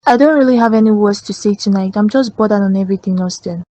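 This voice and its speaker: A woman with a Nigerian accent voicing a troubled young sister in an animated drama, subdued and evasive. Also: mid-range voice, fast, dry recording, lightly acted.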